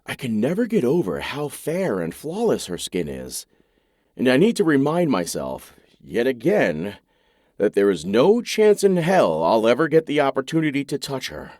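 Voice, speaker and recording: A man's voice: wildly swooping pitch, normal speed, darkish tone, no echo, studio quality. A man narrating a romance audiobook in the first person, wry and intimate in manner. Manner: wry, intimate, low-key.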